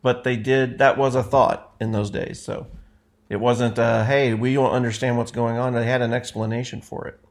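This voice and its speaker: A man's voice: mid-range voice, flat delivery, normal speed. A man leading an informal Bible study, reading passages aloud and explaining them in a conversational way, often correcting himself. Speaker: Bible teacher.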